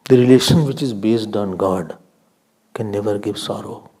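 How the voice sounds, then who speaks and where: An older man with an Indian accent giving a slow spiritual discourse as a swami, telling stories, asking questions and laughing often. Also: on the low side, dark tone, slightly rough.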